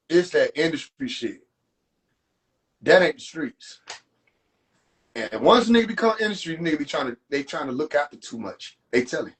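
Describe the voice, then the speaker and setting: High, lively man ranting on a livestream. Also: moderate pace, pauses often. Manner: animated, profane, rants and mocks. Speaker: livestream host. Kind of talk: rant to a live audience. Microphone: phone livestream.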